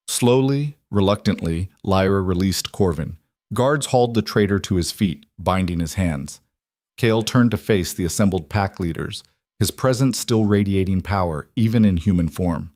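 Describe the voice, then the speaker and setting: A man narrating a scripted fantasy story in a dramatic, steady way. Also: sits low, normal speed, dry recording, studio quality.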